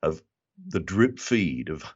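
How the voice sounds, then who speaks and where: A man's voice: low voice, takes it slowly, slightly rough, muffled recording. An older man from South London with a London accent, telling stories as an interview guest and slipping into other people's voices. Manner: animated storyteller who slips into other people's voices. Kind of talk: casual interview chat.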